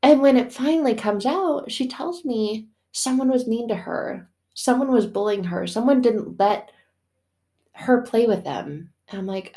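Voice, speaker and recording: A woman's voice: a little high, measured pace, dark tone. A middle-aged woman hosting a casual faith podcast, talking animatedly and slipping into playful quoted voices. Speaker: podcast host.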